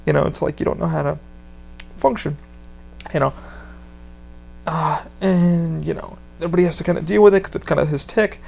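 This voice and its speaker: Podcast host, male, raised pitch, very gravelly; loose, rambling, swearing delivery. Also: fairly quick, pauses often, a little mellow. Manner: rambling, profane, full of fillers. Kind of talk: casual rambling monologue.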